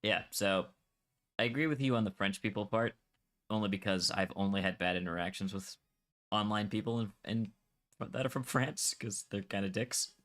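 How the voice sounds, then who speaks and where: A man's voice: fairly low pitch, normal speed. A young Scottish man chatting casually while gaming, arguing his point with energy and some swearing. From Scotland. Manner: animated, argumentative, swears freely. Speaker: Minecraft server streamer.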